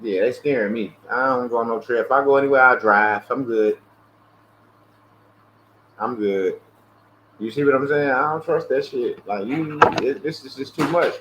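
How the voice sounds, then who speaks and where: A man's voice: medium pitch, normal speed, pauses often, fairly bright tone, a little hiss or hum, rough recording. A man hosting a casual livestream and chatting loosely with lots of profanity. He tells stories animatedly. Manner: mimics callers in a raised voice. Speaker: livestream host. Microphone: earpiece headset.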